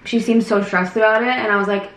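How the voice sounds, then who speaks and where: A woman in her twenties chatting casually on a vlog, telling stories in a lively way and acting out what others said. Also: medium pitch, quick pace. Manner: chatty, animated retelling with acted quotes. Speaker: vlogger. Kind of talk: casual storytelling chat. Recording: echoey room, faint noise.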